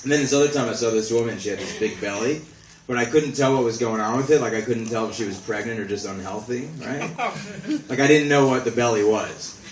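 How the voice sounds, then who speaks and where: A man's voice: mid-range voice, brisk, a little hiss or hum. A young man doing a rambling, self-deprecating stand-up set full of swearing, recorded on a phone from the audience. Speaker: stand-up comedian. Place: small comedy venue. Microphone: phone camera from the audience. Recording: echoey room, distant phone recording.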